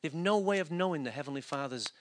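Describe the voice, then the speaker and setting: A man's voice: a little high, lively intonation, quick pace. A middle-aged man preaching a sermon, telling a personal story in a chatty, self-mocking way. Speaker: pastor.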